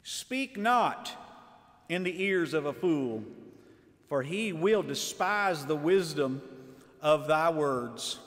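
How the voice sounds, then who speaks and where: High-voiced guy preaching hard, shouts then drops low, long echo in a church hall. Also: expressive, takes it slowly. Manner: swings between shouting and low emphatic asides. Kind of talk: fiery sermon.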